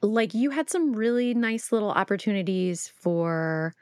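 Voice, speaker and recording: A woman co-hosting a podcast whose pitch swoops and bounces as she talks. She teases her partner and laughs easily, and her voice sounds close and dry with no room around it. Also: lively intonation, darkish tone, no echo. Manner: teasing, laughs often, quick back-and-forth. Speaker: podcast co-host. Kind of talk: casual chat.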